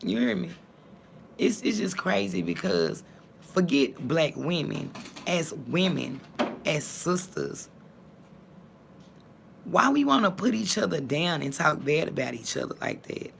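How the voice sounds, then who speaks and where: A woman vlogger, talking bluntly to her viewers, cursing and swinging between calm and heated. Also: low voice, measured pace, creaky, long pauses, slight background noise. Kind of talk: casual talk to viewers.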